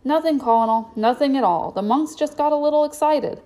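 A woman's voice: high voice, fairly quick, warm tone, pitched above the performer's own voice, lightly acted. A woman voicing a sour, scheming man who runs a circus concession stand, reading from a storybook. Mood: fawning. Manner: sour, wheedling.

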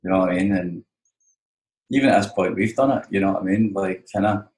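A man's voice: low voice, fairly quick, a little mellow, a little hiss or hum. Rambling Scottish man in a roomy echo. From Scotland. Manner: rambling, sweary, keeps saying "you know what I mean". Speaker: touring musician, guest. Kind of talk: casual storytelling chat.

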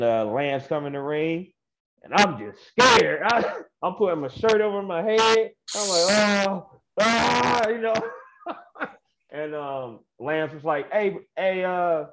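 A young man, a wrestler, telling a story in a casual interview, animated and slangy, laughing often. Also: fairly high pitch. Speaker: guest wrestler.

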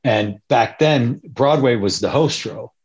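This is a lo-fi recording of a man with a medium-pitched voice talking slowly. He's a punk musician from Northern California, guesting in an interview, where he rambles through casual stories and brings quoted people to life.

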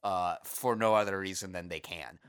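A man co-hosting a casual comedic podcast, laid-back and animated when he jokes. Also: low voice, moderate pace, clean tone, no echo, clean studio sound. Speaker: podcast co-host.

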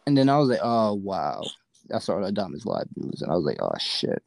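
A man's voice: on the low side, big pitch swings, fairly quick, a little mellow, no echo, poor audio. A young man, a podcast guest, telling a story in slangy, profane casual chat.

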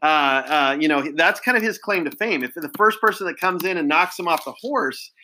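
A man's voice: a little high, expressive, moderate pace, sharp tone, poor audio. Upbeat man hosting a quiz. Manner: upbeat, praising, many fillers. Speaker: quiz host. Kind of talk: casual game quiz.

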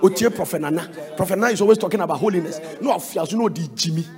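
A man preaching a sermon, telling counseling stories with shouted bursts and sing-song phrases. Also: high-pitched, racing, in a large hall, a crowd in the background.

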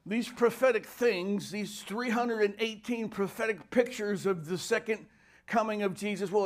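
High-voiced fervent preacher man. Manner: fervent preaching, rising to shouts. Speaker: pastor. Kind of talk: sermon.

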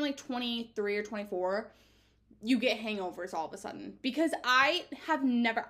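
A woman in her twenties whose voice is on the high side and a bit bright hosts a podcast. She delivers a frank, chatty solo monologue loaded with "like" and casual swearing.

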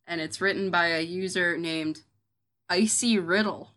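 A woman's voice: fairly low pitch, measured pace, fairly bright tone. A woman co-hosting a podcast, chatting casually and reading fan fiction aloud with dry asides. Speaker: podcast co-host.

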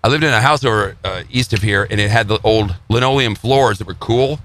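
A man's voice: fairly low pitch, brisk, a bit bright. A middle-aged man hosting a casual chat, brash and joking, teasing his co-host.

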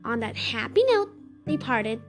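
Woman storyteller, storybook reading, high lively voice, soft music behind. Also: a little slow.

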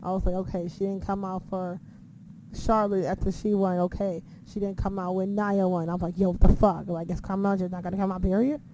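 A woman's voice: medium pitch, level tone, fairly quick, noisy background. A woman casually recapping a wrestling show, swearing freely and acting out her own reactions.

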